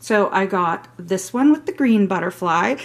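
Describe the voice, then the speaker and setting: Animated yet unhurried, a middle-aged woman with a medium-pitched voice walks viewers through a shopping haul in a casual vlog. Each item gets a gush of praise, and she rambles off in asides along the way.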